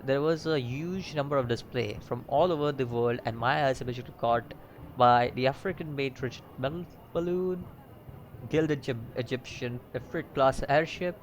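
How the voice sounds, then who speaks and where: Man reading a text game aloud, stumbling asides, mid-pitched voice, faint noise. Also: moderate pace, rough recording. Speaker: gaming channel host.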